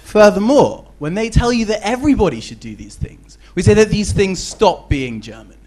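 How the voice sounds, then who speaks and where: A man's voice: sits high, animated, moderate pace, background noise. A young man with a British accent giving a competitive debate speech, joking and playful, often ending points with tag questions.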